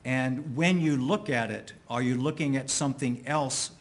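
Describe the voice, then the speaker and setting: A man working as an attorney, questioning an expert witness in court with careful, deliberate phrasing and occasional restarts. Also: mid-range voice.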